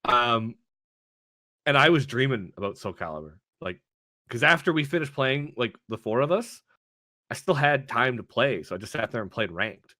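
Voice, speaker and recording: A man co-hosting a gaming podcast, telling relaxed stories and slipping into mock-formal asides. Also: medium pitch, normal speed, no echo, clean studio sound. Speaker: podcast co-host. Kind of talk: casual chat.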